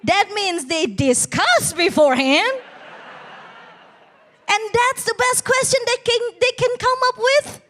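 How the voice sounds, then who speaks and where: A woman's voice: very high-pitched, measured pace, fairly bright tone. A young woman performing a stand-up comedy routine on a TV competition stage, with a bold, teasing, self-mocking delivery.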